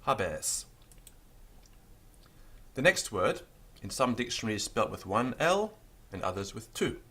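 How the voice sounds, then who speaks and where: A man teaches a beginners' language lesson, patiently spelling out words letter by letter. He takes it slowly in a slightly rough voice, with lively pitch and stress on the example words.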